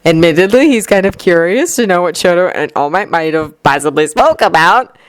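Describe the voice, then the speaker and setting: A woman narrating a fan fiction story aloud, with expressive delivery and clearly varied voices. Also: lowish voice, a little fast, dry recording. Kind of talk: fan fiction audiobook reading.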